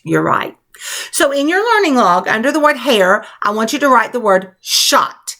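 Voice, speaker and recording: A woman's voice: fairly high pitch, big pitch swings, normal speed, sharp tone. A woman teacher leading young children through a spelling lesson, coaching them patiently in a sing-song classroom manner.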